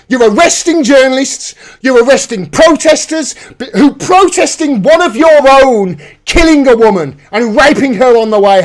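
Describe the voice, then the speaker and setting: A man hosting a live political commentary stream, ranting angrily and swearing often. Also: very high voice. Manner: angry, profane, heated ranting. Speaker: political commentator, livestream host.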